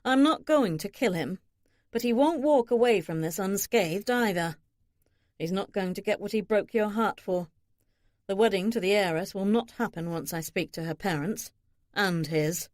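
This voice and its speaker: A woman reading an audiobook, voicing a young nobleman who speaks in a low, flat, controlled way. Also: moderate pace, no echo, clean studio sound, close to an everyday voice. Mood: stern. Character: young nobleman, protective, wolfish temper.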